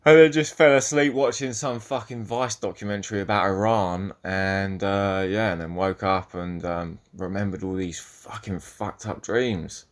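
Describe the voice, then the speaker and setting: A young man talks alone into his podcast mic in a rambling, profane monologue. His voice sits on the low side, and he keeps breaking off mid-thought to start again. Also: fairly even intonation, moderate pace, hardly any pauses. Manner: rambling, profane, self-interrupting. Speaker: podcast host.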